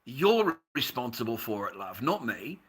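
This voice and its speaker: An Australian man on a live stream, rambling and confrontational, swearing freely and veering from low muttering to loud outbursts. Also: big pitch swings, unhurried, breathy edge. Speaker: livestreamer.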